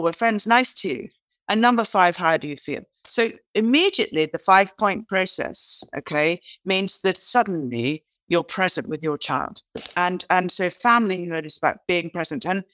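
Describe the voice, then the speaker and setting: Animated British woman telling stories. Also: fairly low pitch, no echo. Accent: British English. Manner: animated storyteller who acts out quoted lines; chatty, restarts and repeats words. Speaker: guest author. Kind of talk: interview conversation.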